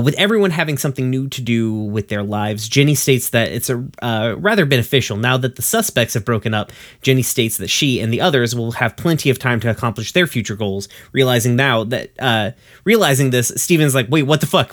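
A man's voice: mid-range voice, expressive, brisk, fairly bright tone. A man casually recapping a cartoon episode on a podcast, laughing and swearing as he goes. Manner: casual, profane, laughs while summarizing.

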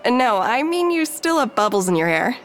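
An actress playing a sardonic young woman who teases her companion in a dry, deadpan way. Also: a little high, brisk. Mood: dry teasing.

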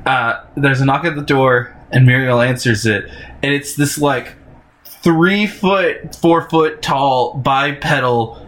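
A man's voice: medium pitch, takes it slowly, fairly bright tone. A man in casual chat, recapping a cartoon episode in a rambling way with lots of fillers.

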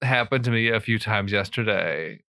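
Bright-voiced man, laid-back podcast chat. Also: lowish voice, moderate pace, dry recording. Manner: laid-back, rambling, lots of "like". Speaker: podcast co-host. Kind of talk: casual chat.

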